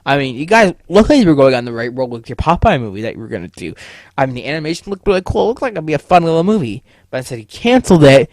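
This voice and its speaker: A young man hosting his own podcast, venting in a loose, profanity-heavy rant. He often stumbles and restarts his sentences. His voice sits at an ordinary pitch, recorded dry and close. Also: expressive, quick pace, no room sound. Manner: heavy swearing, stammering restarts. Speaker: podcast host. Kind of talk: casual solo podcast rant.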